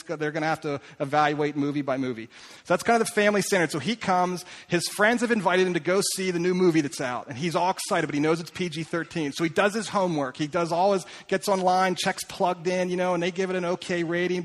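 A middle-aged man preaching as a pastor, asking questions again and again, shifting between emphatic and hushed. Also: fairly high pitch. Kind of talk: sermon.

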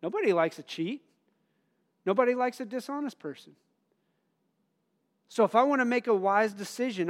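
A middle-aged man preaching a conversational sermon, asking the congregation questions and telling personal stories with bursts of loud emphasis. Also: high voice. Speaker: pastor.

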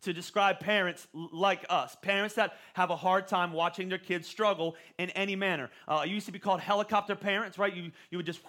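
Bright, high-voiced man preaching. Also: fairly even intonation, a little fast, few pauses. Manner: conversational, repeats words when starting phrases. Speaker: pastor. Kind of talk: sermon.

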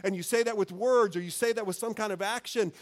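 A man's voice: sits high, fast talker. A man preaching a sermon in an earnest, conversational way, often restarting his phrases. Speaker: pastor.

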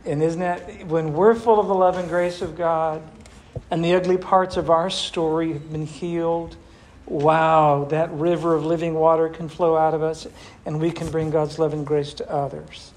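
Pastor leading a group sermon; emphatic, mid-pitched, addresses members directly. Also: flat delivery, moderate pace. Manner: warm, emphatic preaching with rhetorical questions. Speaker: pastor leading a church discussion.

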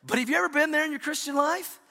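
Middle-aged male pastor, high bright voice, animated storytelling sermon in a reverberant hall. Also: quick pace, gravelly. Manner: storytelling, animated, with playful asides.

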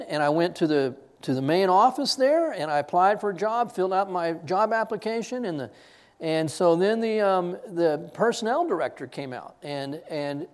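A man, a preacher telling a personal story in a sermon, self-deprecating and full of restarts. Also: high voice. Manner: animated, self-deprecating anecdote with many restarts. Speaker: pastor.

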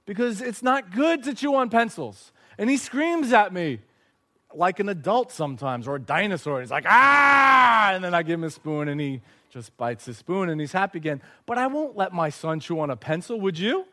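A young adult man preaching a sermon to a live audience, telling lively stories and speaking straight to his listeners. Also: high-pitched, moderate pace.

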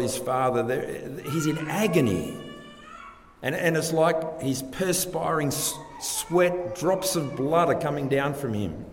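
A man preaching a sermon to a congregation, earnest and full of rhetorical questions, rising and dropping his loudness for emphasis. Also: mid-range voice, a little hiss or hum. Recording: long hall reverb, faint background ambience.

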